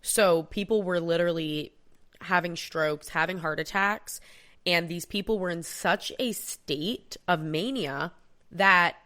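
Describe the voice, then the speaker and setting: A woman's voice: lowish voice, measured pace, a bit bright. A woman co-hosting a casual history podcast, explaining events steadily and quoting from sources. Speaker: podcast co-host.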